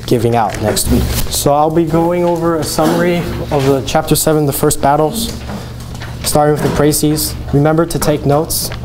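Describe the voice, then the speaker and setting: A man's voice: on the high side, steady tone, moderate pace, music in the background. A teenage boy presenting a classroom vocabulary lesson, enunciating each word carefully and reading out definitions. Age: teens. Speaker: student presenter.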